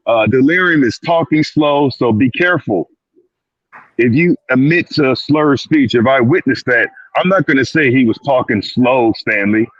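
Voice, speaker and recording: A man's voice: medium pitch, normal speed, dry recording. A man talking as a clinician guest in an emphatic, insistent way. He repeats words and acts out little quoted asides. His voice comes through a dry, dull recording with no room sound. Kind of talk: panel discussion.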